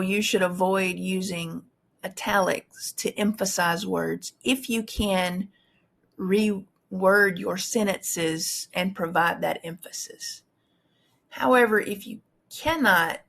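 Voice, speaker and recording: Woman, instructor, tutorial lecture, gravelly fry, explanatory, fillers and restarts. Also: medium pitch, a bit bright.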